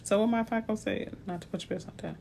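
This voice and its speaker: A woman's voice: medium pitch, very fast, creaky, warm tone, slight background noise. A woman from New Orleans with a New Orleans accent, a realtor giving chatty, playful advice on a live stream. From New Orleans, USA. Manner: chatty, playful asides to viewers.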